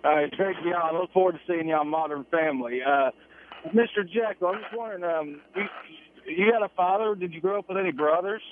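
A man's voice: high-pitched, a little fast, slight background noise. A man with a Southern US accent, calling in to a radio show and asking hesitant, polite questions. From North Carolina. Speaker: caller. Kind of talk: phone-in call. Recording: muffled, distant phone line.

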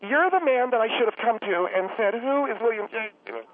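Briskly and at a very high pitch raised above his own, a man voices a flustered, chatty middle-aged woman caller who gushes, rambles, and gets choked up. A tinny phone connection carries a faint hiss.

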